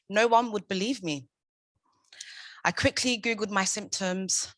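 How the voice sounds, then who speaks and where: A young adult woman, founder of a maternal support group, delivers a prepared conference talk in a mid-range voice with a sharp tone, recorded dry. She is impassioned and emphatic, hammering her points home with rhetorical questions.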